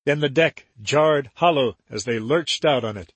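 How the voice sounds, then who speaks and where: Husky male audiobook narrator. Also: medium pitch, measured pace, dry recording.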